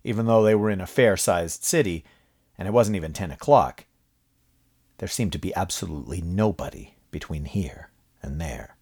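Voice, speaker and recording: Deep, husky male storyteller. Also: moderate pace. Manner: expressive, dramatic storytelling. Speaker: audiobook narrator. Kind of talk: scripted horror story narration.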